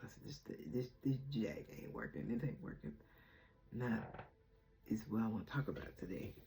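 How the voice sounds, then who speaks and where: A woman's voice: extremely low pitch, creaky, warm tone, poor audio. A young adult woman vlogging about spirituality, emotional and close to tears, talking casually with slang. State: teary, on the verge of crying. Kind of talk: emotional spiritual vlog chat.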